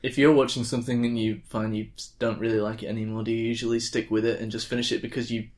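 Man, podcast co-host, fast talker, casual film chat, short replies. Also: mid-range voice, little pitch movement, a little mellow. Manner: brief agreeing replies, quick questions.

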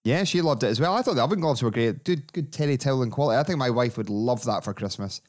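A man's voice: mid-range voice, animated, quick pace. A Scottish man co-hosting a casual podcast, joking and laughing as he talks. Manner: jokey, laughing between lines. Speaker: podcast co-host.

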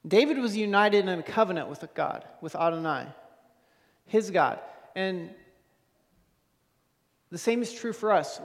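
A man's voice: high voice, in a large hall. A man preaching a sermon as pastor of his congregation, earnest, often repeating words and checking in with "okay?".

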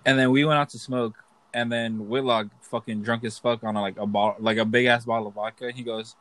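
This young man, a soldier, talks at a fairly quick clip in a mid-range, level, slightly bright voice, recorded dry. He rambles, swears, and laughs a lot while telling funny stories in casual chat.

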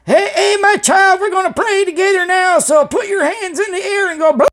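A man voicing a fervent male phone-line preacher who babbles in tongues, in a booming, drawn-out, preachy way. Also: a bit bright.

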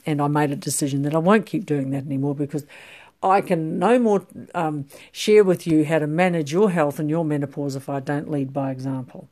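A woman's voice: low voice, fairly quick, mellow. Middle-aged woman chatting about health, rambles a lot, lots of ums. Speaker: menopause health coach. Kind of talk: casual talk to camera.

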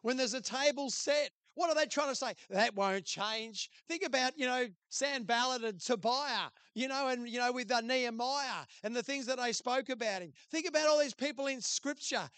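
A man's voice: very high voice, fairly quick, hardly any pauses, fairly bright tone, no echo. A man preaching and praying in a conversational way, with many fillers. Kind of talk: sermon with prayer.

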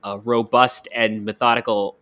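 A man's voice: lowish voice, little pitch movement, moderate pace, bright, forceful tone. A man co-hosting a casual sports podcast, easygoing and loose with "uh" and "um". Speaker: podcast co-host.

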